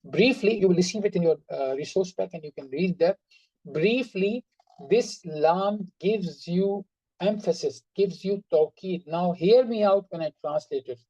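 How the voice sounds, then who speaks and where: A grammar teacher explains a lesson patiently, going over each example again and again. The voice is mellow and dark, with emphasis carried by tone. The recording is close and dry, with no room sound. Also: mid-range voice, a little slow, no echo, lo-fi sound. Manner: patient, repeats examples and stresses words by tone. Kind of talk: online class explanation.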